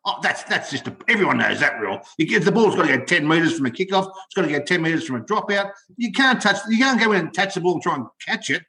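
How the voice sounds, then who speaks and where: Animated older Australian man, high voice. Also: fast talker, hardly any pauses, echoey room. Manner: animated storytelling, repeats words when excited. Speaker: podcast co-host, former rugby league player. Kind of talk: casual sports chat.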